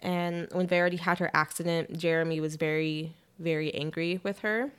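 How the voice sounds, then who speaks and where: A woman's voice: fairly low pitch, clear, resonant tone. Young woman retelling a novel's plot. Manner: animated storyteller, quick asides, lots of "like". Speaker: podcast co-host retelling a novel. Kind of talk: casual chat.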